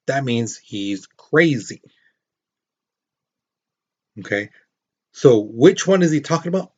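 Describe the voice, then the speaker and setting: Speaking unhurriedly with frequent pauses, a man of medium pitch and lively intonation gives an informal history lecture. He turns the material into stories, acts out quotations, and poses questions to the students.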